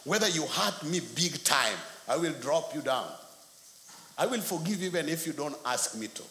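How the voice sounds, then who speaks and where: Animated preacher in an echoey hall. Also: male voice, a little high, moderate pace. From Kenya. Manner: animated storytelling, acts out quotes. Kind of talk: sermon. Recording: echoey hall, faint noise.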